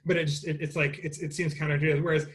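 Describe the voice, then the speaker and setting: A voice teacher runs an interactive online lesson, speaking rapidly in a fairly high, flat voice. He's casual and uses lots of fillers, demonstrating vocal sounds through a computer microphone.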